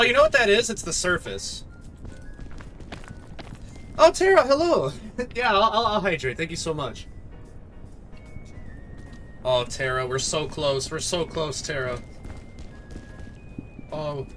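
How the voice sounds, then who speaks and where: High-voiced, bright, excitable male streamer. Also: unhurried, pauses often, soft background music. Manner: excitable, gasping and laughing, thanks viewers. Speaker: live streamer. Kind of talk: live gameplay commentary.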